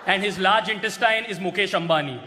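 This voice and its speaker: A man doing a stand-up roast on stage, mocking his targets with crude punchlines and often shouting them. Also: sits high, fairly quick. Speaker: roast comedian. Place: large hall with a live audience. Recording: echoey hall recording with crowd noise.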